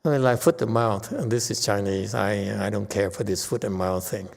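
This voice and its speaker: A man's voice: fairly low pitch, moderate pace, gravelly, in a large hall. A man teaching as a Buddhist master in a dharma lecture, blunt and dismissive, brushing off questions with impatience.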